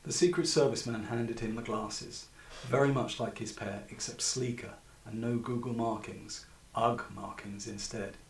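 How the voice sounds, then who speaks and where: A man's voice: medium pitch, fairly even intonation, a little slow. A man reading his own novel aloud with wry, chatty asides. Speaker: author reading own book. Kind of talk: audiobook narration. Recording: distant mic.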